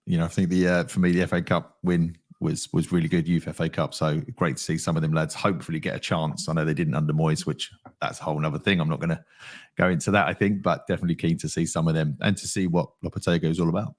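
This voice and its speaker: Deep-voiced fast-talking man. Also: flat delivery. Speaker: co-host fan commentator. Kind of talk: casual chat.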